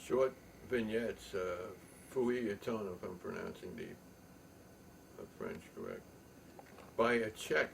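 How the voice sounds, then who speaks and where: An older man telling a long rambling story, halting with many ums and restarts. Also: fairly low pitch, huge pitch swings, gravelly. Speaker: poet and storyteller. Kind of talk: rambling spoken reminiscence. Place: home loft. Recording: distant mic, faint room noise.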